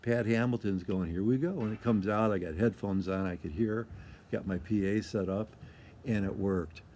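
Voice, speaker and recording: Older guy from michigan rambling thru old stories, low voice, bit of faint background hum. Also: normal speed, dark tone. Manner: rambling, repeats himself, acts out quotes. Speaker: interview guest. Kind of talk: casual storytelling.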